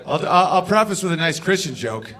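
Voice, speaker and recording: A man performing a brash stand-up comedy set on a club stage, bursting into loud shouted bits. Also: a little high, sing-song, brisk.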